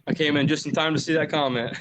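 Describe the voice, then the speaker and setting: Fast-talking man guesting on a stream. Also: fairly high pitch, fairly even intonation, fairly bright tone. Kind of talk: casual livestream chat.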